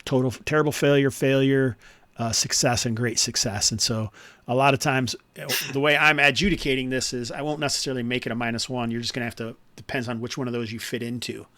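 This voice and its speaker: A man's voice: mid-range voice, little pitch movement, quick pace, a bit bright, no echo. Man running a game, very dry sound. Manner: explains rules with many fillers and restarts. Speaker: game master. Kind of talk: running an online tabletop game. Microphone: headset or desk mic on a video call.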